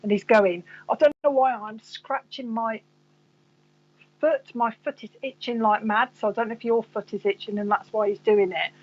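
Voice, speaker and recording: A woman's voice: a little high, steady tone, moderate pace, dull audio. A woman with a Coventry accent hosting a live psychic reading stream, chatting and rambling as she talks half to herself. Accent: Coventry English. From Coventry, England. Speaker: psychic medium host.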